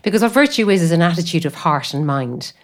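Low-pitched woman, conversational faith talk, chatty, lots of "you know" fillers. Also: lively intonation, fast. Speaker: guest speaker on faith.

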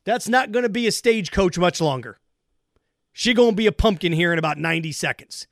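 Male sports radio host, high-pitched and angry, sarcastic heated monologue, dry close mic. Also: lively intonation, a little fast, no echo. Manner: heated, sarcastic, repetitive emphasis.

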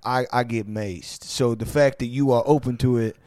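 A man's voice: medium pitch, steady tone, normal speed, a little mellow, no room sound, studio quality. A man from Louisiana co-hosting a crude comedy podcast, rambling and swearing as he laughs through the talk. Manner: rambling, profane, laughs often. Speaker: podcast co-host.

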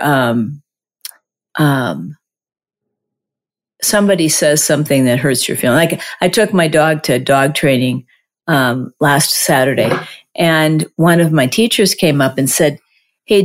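Low-pitched woman, casual podcast co-host, thinks out loud with frequent restarts. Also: a little slow. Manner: rambling, many restarts and "you know". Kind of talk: casual reflective conversation.

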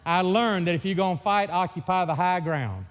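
A man's voice: high voice, moderate pace. A middle-aged man from Mississippi with a Mississippi Southern accent, preaching a sermon in a folksy, joking storytelling way. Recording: long reverb of a church hall.

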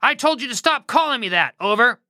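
A woman's voice: a little high, lively intonation, normal speed, pushed and bright, no echo, studio quality, voice pushed up. A woman doing a grumpy bully king. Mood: irritated.

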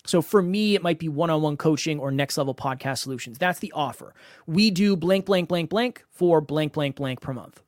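A man's voice: on the high side, moderate pace, no echo, clean studio sound. Emphatic man hosting a podcast. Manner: emphatic, repeats words for stress. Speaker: podcast host and coach. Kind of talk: solo podcast monologue.

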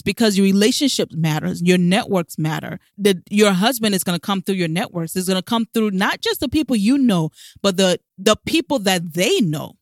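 Speaking straight to the camera, a woman coaches her listeners with emphatic advice, poses rhetorical questions, and you can hear a smile in her voice. Her pitch is medium, and the recording is clean studio sound with no echo.

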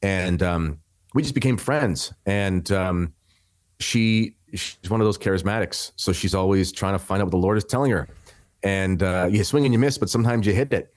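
Deep-voiced man telling his story. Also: normal speed, no room sound. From Canada. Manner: rambling, many restarts and fillers. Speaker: podcast guest. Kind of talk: conversational storytelling.

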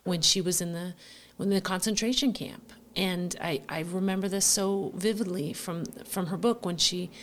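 Low-voiced earnest woman in faith talk. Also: fairly even intonation, a little hiss or hum. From United States. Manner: earnest, reflective, measured with hesitations. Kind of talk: faith conversation.

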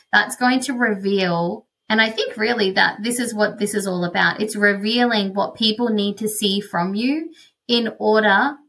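A woman's voice: mid-range voice, creaky, fairly bright tone. A woman hosting a solo business podcast, explaining sales technique in a conversational way with frequent fillers. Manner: conversational, explanatory, many "you know" fillers. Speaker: podcast host, business consultant.

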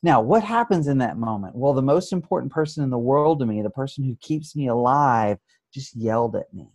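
A man who works as an addiction therapist, explaining his approach in an interview with thoughtful pauses and frequent restarts. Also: mid-range voice, expressive, a little mellow, dry recording. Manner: thoughtful, many restarts, acts out examples.

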